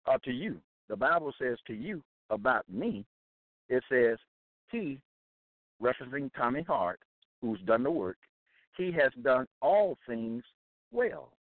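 A man's voice: mid-range voice, no room sound. Insistent preaching man on a tinny line. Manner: repetitive, insistent, rising and falling emphasis. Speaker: self-published author and Bible commentator. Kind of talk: emphatic preaching-style monologue. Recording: dry, phone-like narrow sound.

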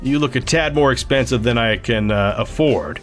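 A man's voice: medium pitch, normal speed, faint music behind, natural voice. A man voicing a tough, wry male ex-fighter who talks bluntly with a sarcastic drawl. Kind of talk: audiobook character voice.

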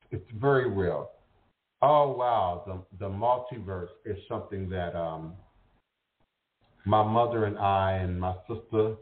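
A man talks in a low voice, rambling and circling back over his words as he hunts for the next one. The sound is thin and phone-like, with a roomy echo around it. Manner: rambling, repeats words while searching. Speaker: host. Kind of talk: casual spiritual talk. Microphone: internet radio call. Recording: tinny phone-like audio in an echoey room.

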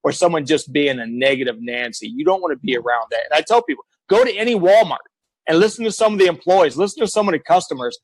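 A man's voice: fairly high pitch, lively intonation, quick pace, no echo. A middle-aged man, a guest telling stories in a blunt, emphatic way and repeating himself for effect. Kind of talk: casual storytelling.

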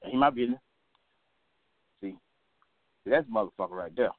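A man's voice: on the low side, normal speed, dry recording. A man hosting an open phone line, ranting and cursing at callers in a combative, repetitive way. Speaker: phone-line talk show host.

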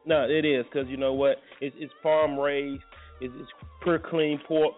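A man's voice: a little high, flat delivery, a little slow. A man hosting a casual morning radio chat, rambling and joking as he talks. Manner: rambling and joking, many restarts. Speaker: morning show host. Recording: tinny phone-like audio with faint music.

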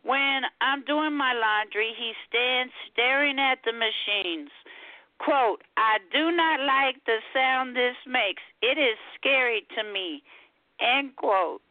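A woman from Texas reads her poem aloud, calling in by phone. Her voice sits fairly high and she takes it slowly, marking quotes deliberately. The sound is a dry, tinny phone line. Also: no echo. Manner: slow, deliberate reading, says quote and end quote. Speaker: caller reading a poem. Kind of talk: poetry reading over the phone.

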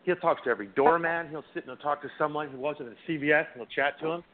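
A man's voice: on the high side, quick pace. A man on a casual call-in chat, giving emphatic advice. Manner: emphatic, gives firm advice. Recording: tinny phone line.

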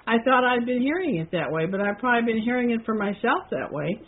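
A woman co-hosting a podcast, talking through a historical text in a casual, hesitant way with many pauses and restarts. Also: on the high side, animated, slightly rough, phone-quality sound. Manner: hesitant, with frequent fillers and restarts. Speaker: podcast co-host.

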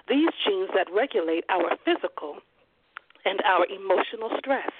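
A preacher delivering a sermon, slowly repeating key phrases for emphasis and dropping in frequent "glory to God" and "amen" interjections. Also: medium pitch, lively intonation, noisy background. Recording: dry, tinny phone-like sound.

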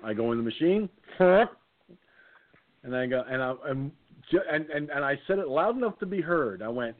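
A man in his sixties hosting a casual talk show, telling a comic anecdote and jumping into silly high voices. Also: animated, normal speed. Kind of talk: casual storytelling chat. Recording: phone-line audio.

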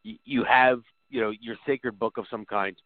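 A man's voice: mid-range voice, fairly even intonation, normal speed, no room sound. A man chats loosely about a horror film, chuckling between thoughts. The sound is dry and tight with no room around it, and the band is narrow like a phone call. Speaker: podcast co-host. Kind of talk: casual film discussion.

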